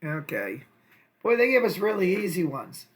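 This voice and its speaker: A man's voice: sits high, sing-song, normal speed. A man teaching a recorded math lesson to second graders, chatty and playful, with jokey asides.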